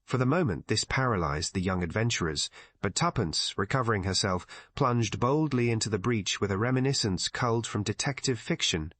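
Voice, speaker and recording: A man narrating an audiobook novel with measured, scripted storytelling. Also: fairly low pitch, animated, a bit bright, no room sound. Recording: dry close recording.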